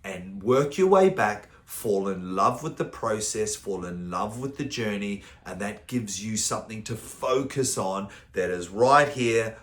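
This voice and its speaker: A man's voice: on the low side, expressive, unhurried, few pauses, fairly bright tone, roomy sound. A man, working as a mental performance coach and giving a motivational talk through casual stories with the odd swear word. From New Zealand. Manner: casual storytelling, occasional swearing.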